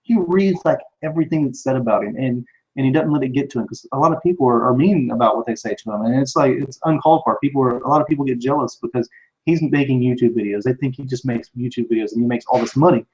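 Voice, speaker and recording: Captured on a computer microphone with dull audio, a man probably in his thirties hosts a live show, chatting casually as he takes viewer questions. He talks quickly in a medium-pitched, somewhat dark voice. He rambles, restarting frequently and leaning on fillers.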